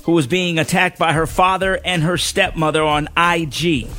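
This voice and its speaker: A man's voice: on the high side, steady tone, moderate pace, sharp tone, soft background music. A man hosting a radio talk show, telling stories in playful, teasing banter.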